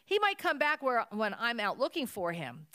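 A poor, lonely boy in a storybook, quietly thankful, as a woman reads him. He speaks earnestly in a smooth, clear voice, recorded dry and close. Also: fairly high pitch, big pitch swings, normal speed, no echo.

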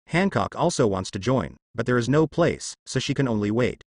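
Man narrating a story, lively pitch. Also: moderate pace, no echo, studio quality. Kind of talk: reading translated web fiction.

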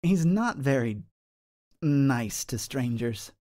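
Man as cloaked forest warden, smug and pedantic, haggling, everyday pitch. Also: animated, slow, warm tone.

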